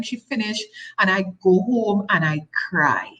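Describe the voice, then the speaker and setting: Unhurried and mid-range, a middle-aged woman with a Tobagonian accent shares a personal story as a talk show guest, and the recording is rough. She tells it with animation, stressing her points by repeating phrases.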